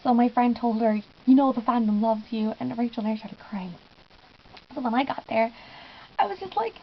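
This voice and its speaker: A woman's voice: fairly high pitch, moderate pace, muffled recording. A young woman telling a giggly, gushing story in a casual vlog, often acting out what she said. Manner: gushing, giggly, lots of "I was just like". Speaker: fan vlogger.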